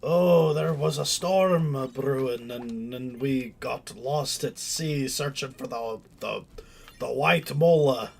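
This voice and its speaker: A man voicing a boisterous, ale-loving male dwarf sailor in a caricature Irish-Scottish dwarf accent, loud and over the top. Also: mid-range voice, takes it slowly, gravelly. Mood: dramatic.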